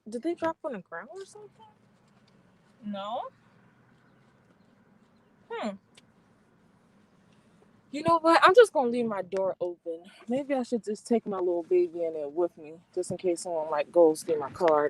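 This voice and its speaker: A woman's voice: medium pitch, expressive, moderate pace, pauses often, rough recording. A young woman vlogging from her parked car, talking to viewers in a flustered, chatty way and swearing often. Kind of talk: casual vlog talking to viewers. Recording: noticeable background noise.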